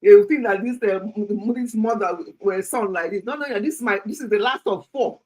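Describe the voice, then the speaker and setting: A woman's voice: mid-range voice, a little fast, poor audio. Older woman, Nigerian English accent, chatty livestream storyteller, laughs a lot, mid-range voice. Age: 60s. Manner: animated, chatty, laughs often, slips into pidgin. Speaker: health channel host. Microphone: streaming setup.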